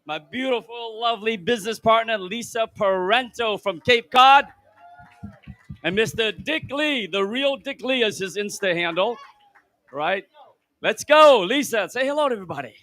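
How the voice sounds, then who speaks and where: A man hosting a live conference from the stage, energetic and hyped, his voice slightly hoarse. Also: high voice, moderate pace, no echo. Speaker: event host. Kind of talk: live event emcee talk.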